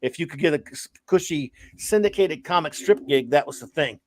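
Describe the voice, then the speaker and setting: A man's voice: a little high, animated, moderate pace. A man hosting a casual chat show about comics, talking enthusiastically and rambling with restarts. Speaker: podcast host.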